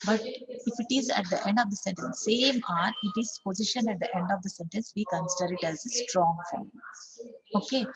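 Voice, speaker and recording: A woman's voice: mid-range voice, moderate pace, rough recording. Woman English teacher, patient and repetitive, drills example sentences; online class recording with crowd noise behind. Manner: explains step by step, repeating 'okay, so' and drilling example sentences aloud.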